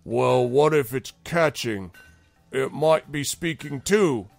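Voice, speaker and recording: A man voicing a wary male animal keeper from a camp, who asks slow, suspicious questions. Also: medium pitch, gravelly, soft background music.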